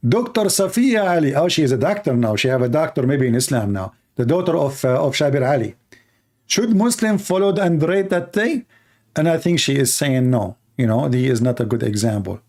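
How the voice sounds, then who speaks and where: Sarcastic male livestream host, slightly high. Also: expressive, normal speed, a little mellow. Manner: sarcastic, rambling storyteller with many fillers. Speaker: livestream host reacting to videos. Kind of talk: casual mocking commentary.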